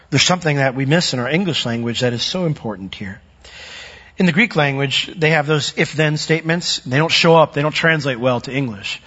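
A male pastor preaching a sermon in an animated way, often acting out the voices of the people he quotes. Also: medium pitch, slightly rough. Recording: echoey hall, dull lo-fi sound.

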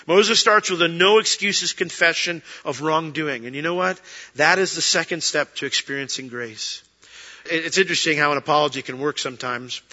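A man's voice: a little high, normal speed, bright, forceful tone. A middle-aged man, a pastor preaching a sermon in a conversational way, acting out quoted prayers and excuses. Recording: dull sound with long reverb.

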